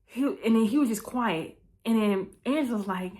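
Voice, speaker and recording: A woman hosting her vlog, recapping a movie in a breezy, chatty way, full of quick asides and "okay?" check-ins. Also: on the high side, darkish tone. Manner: breezy and playful, with asides and quick self-corrections. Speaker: vlog host. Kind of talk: casual chat movie recap.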